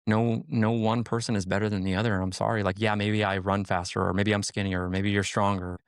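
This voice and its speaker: Gravelly low-voiced man rambling on a podcast. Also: flat delivery, fairly quick, dry recording, clean studio sound. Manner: rambling, heavy with "like" and "you know", swears freely. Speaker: podcast co-host, sheriff's deputy. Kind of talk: casual podcast chat.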